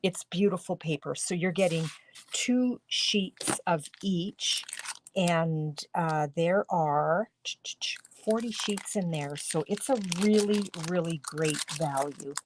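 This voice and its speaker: Slow, chatty woman crafting. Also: lowish voice, background noise. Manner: chatty, talks viewers through each step. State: throat tickle, coughing now and then. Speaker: card-making demonstrator. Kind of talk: live-stream craft demonstration. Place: home craft studio.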